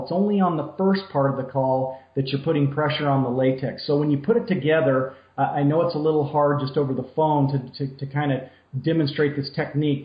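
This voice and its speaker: A man from Arizona, a hunting guide, explaining technique in a phone interview in a relaxed, explanatory way with many fillers. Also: on the high side. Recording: muffled phone line with room echo.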